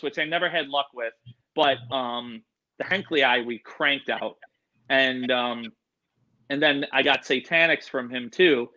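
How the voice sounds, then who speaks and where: Excitable, bright-voiced man telling stories. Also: medium pitch, moderate pace, muffled recording. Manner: animated, excitable, slangy, says "dude" and "like" a lot. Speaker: animal expert guest. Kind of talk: casual storytelling in a podcast interview.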